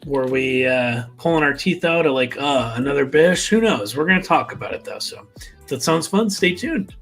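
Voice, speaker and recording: A man co-hosting a live stream, chatting casually with quick self-deprecating asides. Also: medium pitch, animated, vocal fry, a bit bright, faint music behind. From United States. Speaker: co-host of a fragrance live stream. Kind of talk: casual chat.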